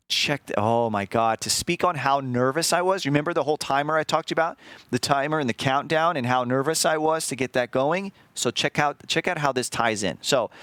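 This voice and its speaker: Profane, animated storytelling man. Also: medium pitch, no echo. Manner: animated, profane, acts out quoted lines. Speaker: streamer. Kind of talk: casual storytelling to a stream chat.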